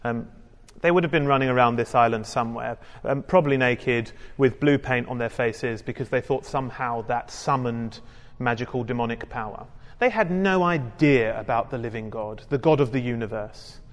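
A British man from the United Kingdom preaches a sermon in a chatty, joking way, addressing the congregation in a church hall. His medium-pitched voice runs at normal speed with hardly any pauses, and a long reverb tail trails behind it.

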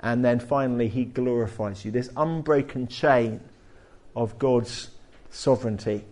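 A man preaching a sermon in a church hall, conversational and animated, explaining with homely asides. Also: mid-range voice, unhurried. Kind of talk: sermon with anecdotes.

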